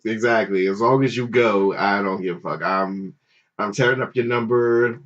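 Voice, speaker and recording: A man's voice: fairly low pitch, normal speed. A married man hosting a podcast, telling a story in casual chat with lots of cursing and laughter. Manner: animated, profane, laughing storyteller. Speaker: podcast host. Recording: dull lo-fi sound.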